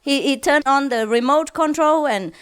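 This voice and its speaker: A woman spiritual teacher telling funny stories to a gathering, laughing often and pausing with "uh". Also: sits high, a bit bright. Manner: laughs often, with frequent "uh" pauses.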